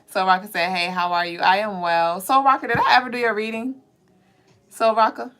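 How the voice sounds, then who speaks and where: Bright-voiced Southern woman livestream host. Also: mid-range voice, normal speed. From Savannah, Georgia, US. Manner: chatty and playful, laughs often. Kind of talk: casual livestream chat reading viewer comments.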